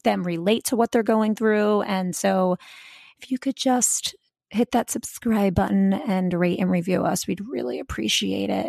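A woman's voice: medium pitch, gravelly, a little mellow, no room sound, clean studio sound. A woman co-hosting a podcast in casual, rambling chat, full of fillers and restarts. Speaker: podcast co-host.

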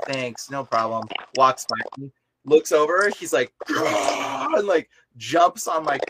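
A young man chatting casually on a podcast as a deliverance minister, telling animated stories full of filler words. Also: a little high. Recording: noisy live recording with clicks.

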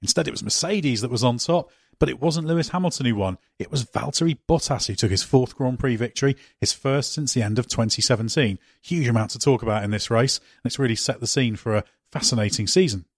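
A man's voice: mid-range voice, fast talker, creaky, hardly any pauses, slightly rough, no room sound, clean studio sound. A man hosting a motorsport podcast in a casual, jokey way, often restarting his sentences. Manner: jokey, teasing, frequent restarts. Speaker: podcast host.

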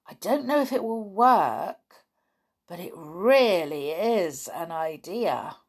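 A woman voicing an eager schoolboy with a bright idea in a storybook reading. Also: fairly low pitch, expressive, slow pace, breathy edge, full character voice. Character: earnest schoolboy, eager and brave.

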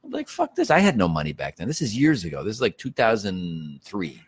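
Man, mid pitch, lively swings, profane, casual storytelling. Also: fairly quick, slightly rough.

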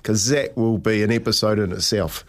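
A man with a New Zealand accent co-hosting breakfast radio, teasing and joking with a quick laugh. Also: on the low side, steady tone. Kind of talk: casual radio banter.

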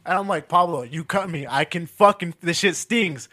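A man's voice: a little high, moderate pace, bright, forceful tone. A young man co-hosting a podcast, telling a story in casual chat, swearing a lot and acting out quotes with laughter. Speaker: podcast co-host.

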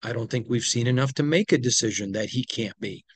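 Talking a little fast in a medium-pitched voice, with slight background noise in the recording, a man hosts a sports team recap podcast. The team insider is conversational and opinionated, says um often, and sounds tired and yawny.

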